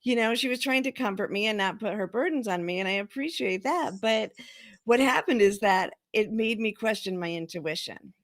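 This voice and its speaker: A woman hosts a casual talk show over a video call, her voice mid-pitched. She talks in quick bursts and laughs lightly between thoughts. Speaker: show host. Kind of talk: casual conversation.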